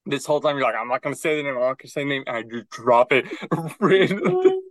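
A man's voice: mid-range voice, sing-song, no echo, low-quality recording. Man telling a rambling story, dry sound. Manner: rambling anecdote, quick restarts, acting out quoted people. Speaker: podcast co-host. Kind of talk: casual storytelling chat.

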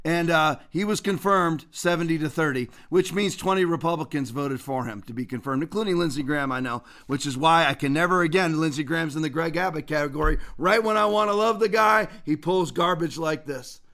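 A man's voice: fairly high pitch, a little fast, hardly any pauses, fairly bright tone. A male host giving emphatic, preachy political commentary and quoting scripture.

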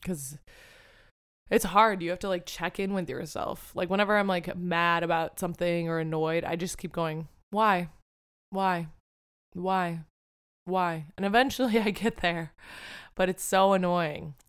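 A woman's voice: lowish voice, normal speed, clean tone. A young woman hosting a casual solo podcast, talking candidly and rambling, self-deprecating and often swearing. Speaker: podcast host.

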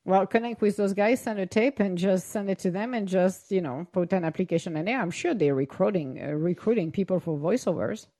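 A woman's voice: medium pitch, fairly quick, hardly any pauses, mellow. A woman co-hosting a casual chat, laughing often. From southern Minnesota.

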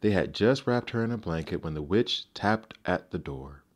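A man reads fairy tales aloud in a measured, gentle storybook narration. His voice is notably deep, and he keeps an even, unhurried telling.

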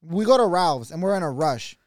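A young man co-hosting a podcast, telling stories in a casual, animated way and swearing freely. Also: a little high, a little fast, no echo, clean studio sound. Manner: animated, swears a lot, acts out other people's voices. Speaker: podcast co-host. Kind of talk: casual storytelling chat.

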